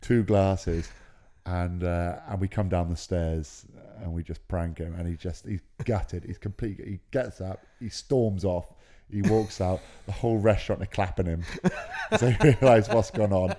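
Deep mellow man. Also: unhurried, hardly any pauses. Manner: laid-back, chatty, matey. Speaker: podcast co-host. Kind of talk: casual storytelling chat.

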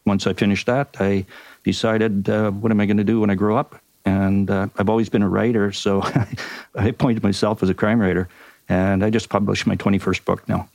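Older canadian guy, low gravelly voice, slow careful storyteller. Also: level tone, a little mellow, dry recording. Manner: measured, methodical recounting with occasional ums. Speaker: retired detective and crime writer, guest. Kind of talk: podcast interview storytelling.

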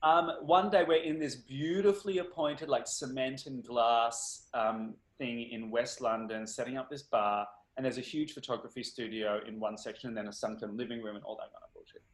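An Australian man telling an animated, camp anecdote in a casual chat. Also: mid-range voice, moderate pace, few pauses. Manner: camp, animated storyteller, acts out voices. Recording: echoey room.

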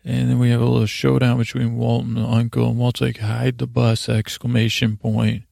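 A man hosting a sleep podcast, recapping a show in a meandering, halting way with deadpan asides. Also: mid-range voice, vocal fry, no echo, clean studio sound. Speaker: podcast host.

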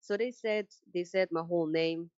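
A woman's voice: lowish voice, normal speed, no room sound. Woman telling her story on dull, dry audio. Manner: animated storyteller who acts out quoted dialogue; frequent fillers and restarts, casual phrasing. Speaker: interview guest. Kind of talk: telling a personal story in conversation.

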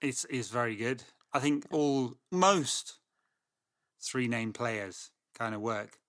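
A man's voice: medium pitch, takes it slowly, fairly bright tone, dry recording, clean studio sound. A man co-hosting a podcast in casual chat, wry and a little hesitant in his remarks. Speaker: podcast co-host.

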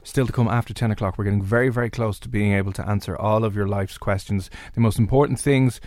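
A man's voice: on the low side, fairly even intonation, fast talker, a little mellow, no echo. A man from Offaly with an Irish accent, hosting a radio show in casual, jokey chat and reading out the phone number. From Ireland, Offaly. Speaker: radio host. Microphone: studio microphone.

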